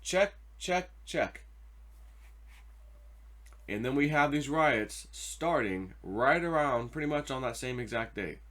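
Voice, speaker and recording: A man hosting his own commentary video, excitable and mocking, swinging from loud repeated outbursts to a low mutter. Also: slow, long pauses. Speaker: host.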